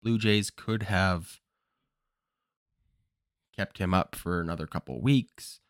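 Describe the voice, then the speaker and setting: A man's voice: deep voice, takes it slowly, dry recording, studio quality. A man hosting a baseball podcast, giving casual opinionated commentary and thinking aloud with frequent ums. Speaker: podcast host.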